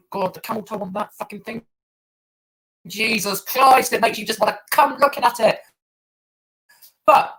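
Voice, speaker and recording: A man's voice: high voice, pushed and bright, slightly rough, low-quality recording. A man doing crude, rambling improvised stand-up over an online call, full of fillers and hesitations. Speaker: stand-up comedian.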